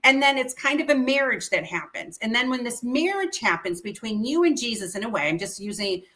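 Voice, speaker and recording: Middle-aged woman guest, bright voice, heartfelt and earnest, retells conversations. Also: on the high side, sing-song, brisk. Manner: earnest, emotional, quotes others in conversation. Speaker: interview guest. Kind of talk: personal storytelling.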